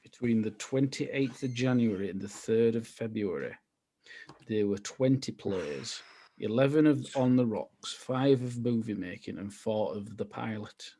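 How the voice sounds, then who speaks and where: A man's voice: fairly low pitch, unhurried, dark tone, breathy edge. A man co-hosting a podcast, reading out figures in a matter-of-fact way during casual chat. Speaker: podcast co-host.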